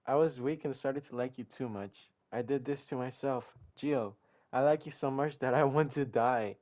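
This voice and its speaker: A heartbroken, shy teenage girl from a game speaks in a soft, subdued way, as a man reads her lines aloud. The delivery is quiet and low-key, with little attempt at a girlish voice. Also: normal speed, lightly acted. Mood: sad. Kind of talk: reading game dialogue aloud.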